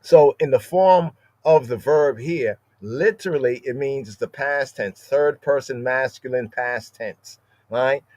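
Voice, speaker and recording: Man, bible study teacher, slow deliberate delivery, dry close sound, keeps asking "right?". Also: mid-range voice, a little mellow, no room sound. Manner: repetitive, asks "right?" constantly, spells out words. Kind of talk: informal scripture lesson.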